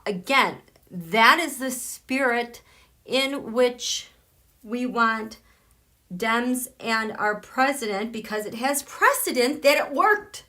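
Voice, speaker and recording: Woman, live-stream host, chatty, reads viewer comments aloud, slow, rather high voice. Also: sharp tone. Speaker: tarot reader hosting a live stream.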